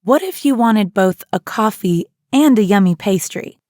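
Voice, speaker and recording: A woman's voice: mid-range voice, lively intonation, moderate pace, a little mellow, no echo, studio quality. A woman hosting an audio language lesson, narrating scenes and encouraging the listener in an upbeat, scripted way.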